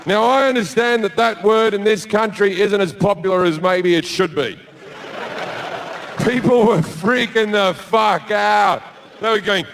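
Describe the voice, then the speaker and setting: Australian man, stand-up comedian, profane, brash, high-pitched, on stage. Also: unhurried, vocal fry, noisy background. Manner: profane, brash storytelling, swings into shouting.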